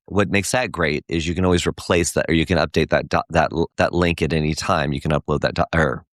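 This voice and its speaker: A middle-aged man hosts a live coaching stream in a very low voice. He talks with animated emphasis and reads out viewers' chat replies. The sound is dry and close to the mic. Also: brisk, no echo. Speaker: host.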